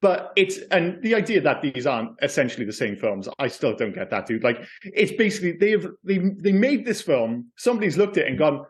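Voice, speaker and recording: A man co-hosting a podcast, chatting casually about a movie in an animated, swearing, ranting manner. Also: on the high side, brisk, hardly any pauses. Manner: animated, swears often, goes off on rants. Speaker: podcast co-host.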